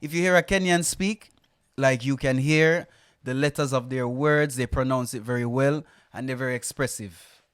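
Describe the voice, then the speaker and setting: A young Jamaican man co-hosting a casual podcast chat, easygoing and quick to laugh. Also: mid-range voice, fairly even intonation, a bit bright, smooth. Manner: easygoing, laughs often, thoughtful. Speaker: podcast co-host.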